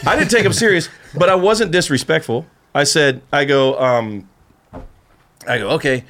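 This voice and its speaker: A man's voice: on the high side, normal speed, a bit bright. A man guest on a podcast, telling a rambling story in casual chat and acting out what others said. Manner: rambling storyteller who acts out the other voices.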